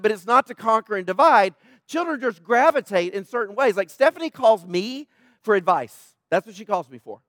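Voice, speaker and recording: A middle-aged man preaching with an unusually high voice, pressing each point home and asking the congregation to say it back. The sound is dry and close, with no room echo. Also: fairly bright tone. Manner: emphatic, repeats key points and asks the audience to respond. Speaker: pastor. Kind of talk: sermon.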